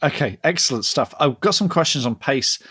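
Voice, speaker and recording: A man's voice: on the high side, lively intonation, fairly quick, bright, forceful tone, husky. A man hosting a podcast, chatting casually and reading out listener questions. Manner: conversational, reads out listener questions. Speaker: podcast host. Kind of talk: casual interview chat.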